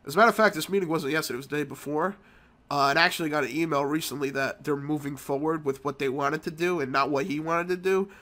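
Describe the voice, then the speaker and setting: Male gaming vlogger with a cold, loose profane storyteller, tense bright tone. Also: a little high, quick pace. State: sick with a cold. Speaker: mobile game channel host. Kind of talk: casual gameplay commentary.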